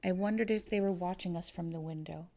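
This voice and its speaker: A woman reading a short story aloud in the first person, calm and measured. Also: on the low side. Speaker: audiobook reader.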